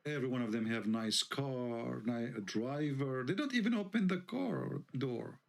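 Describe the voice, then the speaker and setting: Heated guy w/ tinged ranting on his online show, keeps firing questions, mid-pitch voice. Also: animated, normal speed, gravelly. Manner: heated, indignant, rhetorical questions. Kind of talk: live online debate talk.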